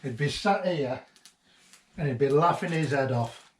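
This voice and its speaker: A man's voice: a little high, measured pace. A man, fondly recalling a late friend in a rambling, chuckling way. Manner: fond, chuckling, loosely ordered storytelling. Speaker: vlogger sharing memories of a late friend. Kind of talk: rambling personal reminiscence. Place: inside an old house being cleared. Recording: roomy, distant mic, faint background noise.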